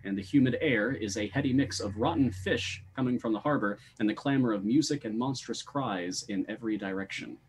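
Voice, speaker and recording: A man with a lowish voice narrates a tabletop game as its game master. He is relaxed and drops in frequent hesitations. A faint bed of noise sits behind him. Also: a little fast, hardly any pauses.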